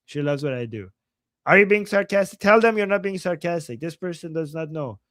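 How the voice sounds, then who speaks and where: A man hosting a casual livestream, reading viewer chat and reacting heatedly to clips, swearing freely and swinging from soft asides to loud outbursts. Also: a little high, expressive, fairly quick, dry recording, clean studio sound. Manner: reads viewer chat aloud.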